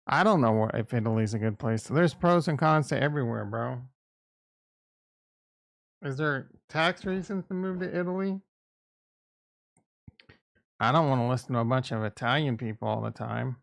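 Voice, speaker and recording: A middle-aged man with a gravelly, creaky voice hosts a casual livestream and rambles bluntly with plenty of crude asides. His voice sits at an ordinary pitch and is recorded dry and close, with no room sound. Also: moderate pace, pauses often, dry recording. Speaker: livestream host.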